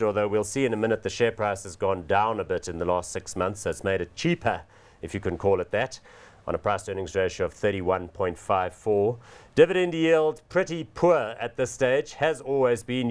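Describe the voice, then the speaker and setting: A man hosting a business television show, giving punchy, emphatic market commentary and questioning his guest. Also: lowish voice.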